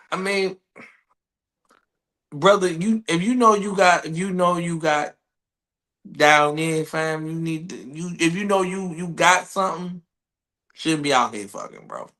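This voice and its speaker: Laid back podcast dude, kinda high voice, keeps restarting. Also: male voice, measured pace, pauses often, sharp tone. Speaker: podcast co-host. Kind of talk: casual chat.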